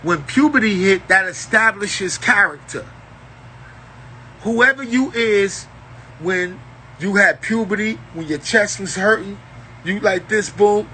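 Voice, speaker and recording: Man, unscripted rant, profane, lecturing, bright edge, slightly raised pitch. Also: slow, slight background noise, poor audio. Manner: profane, preachy, lecturing in street slang. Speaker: self-styled spiritual teacher. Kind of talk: unscripted spiritual rant to camera.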